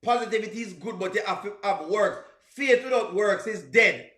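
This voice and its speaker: High, bright reaction host. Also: male voice, moderate pace, echoey room. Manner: preachy, teasing, punchy exclamations. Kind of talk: comedic reaction commentary.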